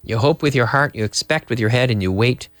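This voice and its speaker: A middle-aged man teaching a live online English lesson, lively and repeating words over and over to drill pronunciation. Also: mid-range voice, fairly quick, no echo.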